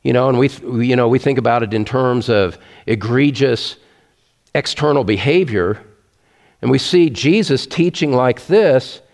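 A man's voice: mid-range voice, normal speed, darkish tone, in a large hall. A man preaching a sermon, earnest and emphatic, repeating his key points.

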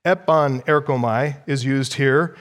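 Preaching an expository sermon, a pastor speaks in a measured yet emphatic way, teaching through rhetorical questions to his listeners and repeating key phrases. His mid-range voice is a bit bright, and the sound carries a big-room quality.

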